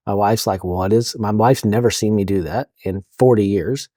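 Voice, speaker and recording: Male counselor guest, mellow dark tone, casual, halting speech full of "um" and "like". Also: on the low side, no room sound, studio quality. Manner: halting, full of fillers and restarts. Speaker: counselor for police officers. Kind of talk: casual podcast interview.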